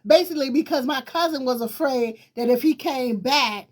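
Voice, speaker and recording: A middle-aged woman from Virginia, a talk show host, telling a personal story to viewers in a lively, emphatic way, often laughing. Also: sits high, normal speed, breathy edge.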